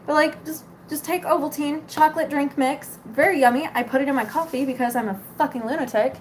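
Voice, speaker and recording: A young woman in her twenties with a high-pitched voice rants at length, sarcastic and worn out, swearing as she goes. A faint hiss sits under her voice. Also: brisk. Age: 20s. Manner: exasperated, profane, sarcastic. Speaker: cosmetics store worker. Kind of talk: casual venting rant.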